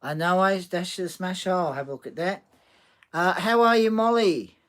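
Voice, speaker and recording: A man hosting a casual livestream, talking haltingly with many restarts and reading chat comments aloud. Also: high-pitched, a bit bright.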